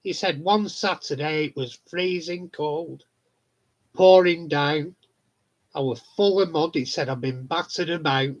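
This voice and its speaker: Slow-talking man, laughing. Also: a little high. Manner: chatty storyteller, swears freely, laughs often. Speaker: live stream host. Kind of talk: casual chat. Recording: dull lo-fi sound.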